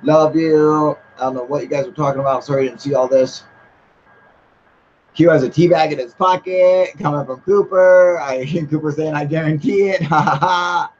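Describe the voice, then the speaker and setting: A man's voice: a little high, fairly even intonation, moderate pace, darkish tone, a little hiss or hum. A man hosting a livestream in casual chat, reading viewer comments aloud, loose and profane, laughing often. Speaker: livestream host. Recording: muffled lo-fi stream audio.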